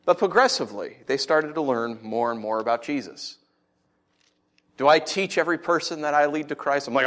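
Guy preaching a sermon, kinda high voice, goes from animated storytelling to earnest teaching. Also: a little fast. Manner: animated storytelling, lively swings in pitch and loudness; earnest and conversational when teaching. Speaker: pastor.

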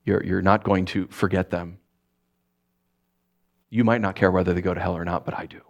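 A man voicing a quiet, firm divine speaker. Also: low voice, moderate pace, dull audio, pitched below the performer's own voice. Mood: gently firm. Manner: quiet, steady, insistent repetition. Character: gentle, firm male divine voice reassuring a preacher.

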